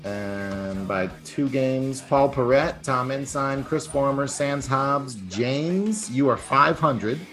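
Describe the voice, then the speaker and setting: A man hosting a casual sports podcast, reading standings quickly with teasing asides and fillers. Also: medium pitch, a bit bright, soft background music. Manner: reads standings fast, teasing, filler-heavy. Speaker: podcast host.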